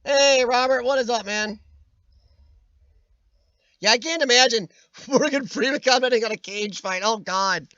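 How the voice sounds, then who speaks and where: A man's voice: extremely high pitch, measured pace, long pauses, bright, forceful tone, no room sound, dull audio. A man hosting a casual livestream chat with a worn, nasal voice that sometimes cracks, jokey and rambling with frequent laughs. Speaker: livestream host. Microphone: webcam.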